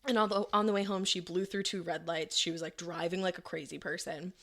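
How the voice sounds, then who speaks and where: A woman's voice: lowish voice, steady tone, a little fast, fairly bright tone. A woman hosting a podcast, casually telling a true-crime story with many "like" fillers and acted-out quotes. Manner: conversational, frequent "like" fillers, acts out quotes. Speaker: podcast host.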